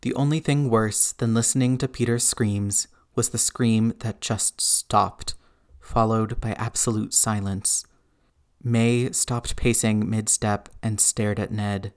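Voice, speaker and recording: A man narrating fiction in a measured, even audiobook reading. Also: on the low side, smooth. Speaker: reader.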